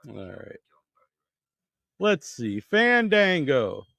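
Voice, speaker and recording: A man's voice: fairly high pitch, huge pitch swings, drawn-out words, gravelly, a bit bright, dry recording. A man hosting a podcast in casual chat, chatty and thinking aloud as he searches online. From Massachusetts. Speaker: podcast host.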